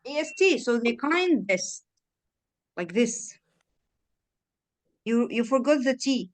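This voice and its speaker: A woman with a fairly high voice gives a one-on-one online English lesson. She is a native Arabic speaker and talks over a video call. She is patient and clear, repeating words for the student and often checking "okay?". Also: expressive, slow. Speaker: English tutor.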